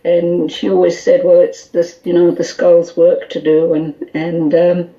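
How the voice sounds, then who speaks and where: A woman guest on a call-in radio show, telling an animated story full of quoted dialogue and small laughs. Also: on the low side, measured pace, dull audio. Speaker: guest, skull interpreter.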